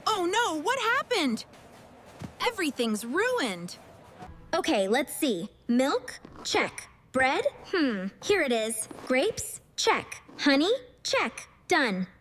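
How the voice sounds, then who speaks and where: A woman plays a chirpy little cartoon monkey boy with a very high, bouncy voice. He talks slowly and eagerly, ticking things off to himself. Soft music plays underneath. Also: big pitch swings, exaggerated voice. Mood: busy. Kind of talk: children's cartoon voice acting.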